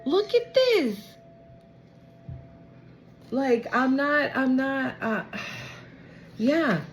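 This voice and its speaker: A woman's voice: high-pitched, big pitch swings, very slow, a little hiss or hum. A young woman giving a casual tarot reading to her viewers, slangy and exclamatory, often close to tears. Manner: emotional, exclamatory, slangy, swings to near tears. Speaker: tarot reader.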